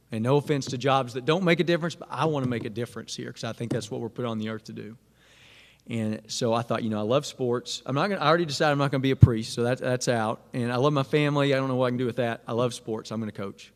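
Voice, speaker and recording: A man's voice: medium pitch, fairly quick. A man, casually telling a self-deprecating personal story to students. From Arkansas. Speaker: speaker at a Catholic student event. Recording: long hall reverb.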